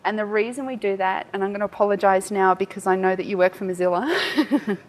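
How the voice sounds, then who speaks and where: A woman giving a live software demo at a tech talk, chatty and self-mocking, laughing often. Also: mid-range voice, a little fast. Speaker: tech speaker.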